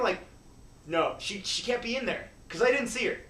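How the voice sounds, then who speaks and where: A man talking casually as a guest, animated and laughing often. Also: sits high, quick pace, distant mic, slight background noise. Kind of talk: casual chat. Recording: echoey room, voice from off-mic.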